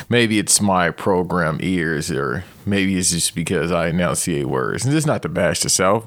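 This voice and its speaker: A man's voice: lowish voice, no echo. A man in his thirties ranting loosely and profanely as a podcast host, with sudden outbursts. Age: 30s. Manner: profane, rambling, animated outbursts. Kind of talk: comedic rant.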